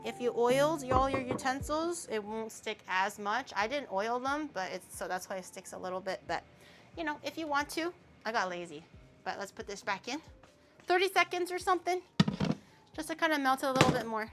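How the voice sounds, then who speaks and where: A woman streamer chatting casually while baking, rambling and easily excited. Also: fairly high pitch, fairly quick, music in the background.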